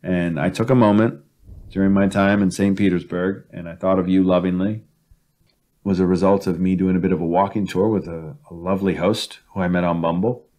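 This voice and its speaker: A man with a very low voice chats casually with a friend on a podcast. He tells long, meandering stories and often breaks into laughter. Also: fairly even intonation, fairly quick, warm tone. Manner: rambling storyteller, laughs often. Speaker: podcast co-host. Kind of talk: casual chat. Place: indoor room, in person.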